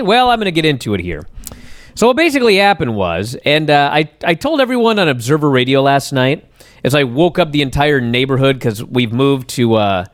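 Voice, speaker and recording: A man hosting a wrestling talk show, telling stories at length in a casual, animated way. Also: medium pitch, dry recording, clean studio sound. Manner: animated storyteller, recaps at length. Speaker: wrestling radio show host.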